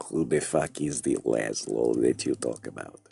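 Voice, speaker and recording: A man voicing an indignant male bat with a New Jersey accent, quick to argue on a live stream. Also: rumbling low, creaky, warm tone, slightly rough, soft background music, full character voice. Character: grumpy male bat who insists on being a bat.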